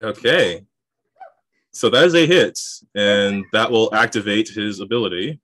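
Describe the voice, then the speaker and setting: Low-voiced man running a tabletop game. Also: a little slow, a bit bright, no echo. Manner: explains rules while thinking aloud, chuckles often. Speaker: game master. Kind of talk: narrating and adjudicating a tabletop game.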